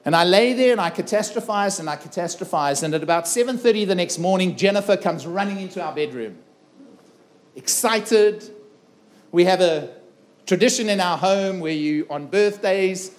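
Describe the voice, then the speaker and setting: A man's voice: high-pitched, moderate pace. A middle-aged man from South Africa, giving an earnest stage talk that tells a personal story and acts out the dialogue in it. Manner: earnest, dramatic retelling with acted-out dialogue. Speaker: keynote speaker. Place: festival stage before a live audience.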